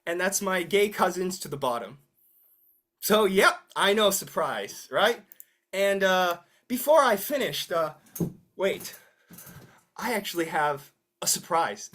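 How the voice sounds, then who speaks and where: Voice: medium pitch, takes it slowly. A teacher running an interactive online class, joking and asking the students questions. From United States. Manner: lively, teasing, asks the class questions. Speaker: English teacher.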